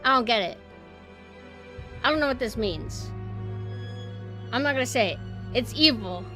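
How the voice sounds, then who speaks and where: Bright-voiced woman streamer chatting with chat. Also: on the high side, expressive, moderate pace, soft background music. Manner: swings between quiet murmuring and loud exclaiming; chatty, talks to chat directly. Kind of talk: casual gameplay livestream chat.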